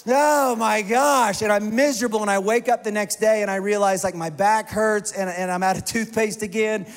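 A male pastor with a high-pitched voice tells a story to his congregation in a lively, self-deprecating way. His words tumble out in quick bursts. A long reverb from the large church hall trails each phrase. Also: soft background music. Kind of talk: storytelling sermon.

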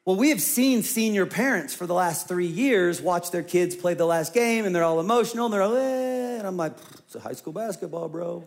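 Male pastor, forties, high voice, animated sermon storytelling, loud then hushed. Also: fairly quick, hardly any pauses.

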